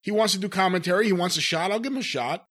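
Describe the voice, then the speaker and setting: A man's voice: high voice, rapid-fire, a bit bright. A man co-hosting a podcast, talking through his analysis of old wrestling commentary in a casual way. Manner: analytical, talks things through. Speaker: podcast co-host. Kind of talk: casual conversation about old wrestling footage.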